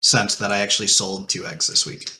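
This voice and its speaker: A low-pitched man co-hosts a casual podcast with a bright, forceful tone. He jokes and sounds eager. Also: little pitch movement, fairly quick, slight background noise. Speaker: podcast co-host.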